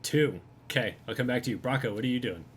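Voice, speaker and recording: A man acting as game master, narrating a tabletop game in a relaxed way, with fillers and easy laughter. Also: mid-range voice, quick pace, slight background noise.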